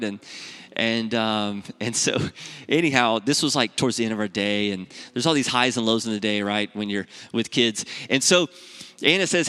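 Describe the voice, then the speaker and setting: A pastor delivers a sermon through a personal story, speaking in a conversational, animated way. His voice is bright and forceful, at a middle pitch, and it climbs when he acts out what people said. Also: a little fast, smooth.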